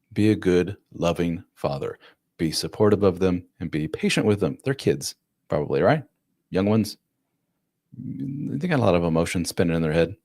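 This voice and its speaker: A man's voice: low voice, no room sound, clean studio sound. A man hosting a live chat, giving blunt, casual relationship advice to viewers' questions and calling them man and dude. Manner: animated, acts out quoted voices. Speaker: host giving relationship advice to divorced dads.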